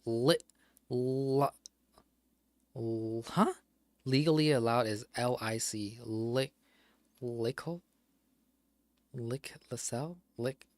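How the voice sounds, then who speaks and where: A man's voice: medium pitch, fairly even intonation, takes it slowly, long pauses, darkish tone, no echo. A man casually talking to himself during gameplay, spelling out words letter by letter and muttering as he works through crossword clues, with the odd curse of frustration. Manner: swears in mild frustration. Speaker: gaming streamer. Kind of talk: casual solo gameplay commentary.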